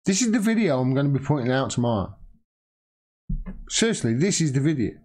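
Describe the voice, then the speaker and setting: A man's voice: medium pitch, big pitch swings, brisk, a little mellow. A man giving an angry, profane livestream rant as a political video commentator, heated and emphatic.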